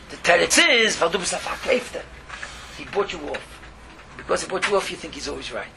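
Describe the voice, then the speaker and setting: Animated, gravelly man. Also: high-pitched, fairly quick, crowd noise. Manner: animated, repeating phrases, mixing languages. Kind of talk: storytelling Torah talk.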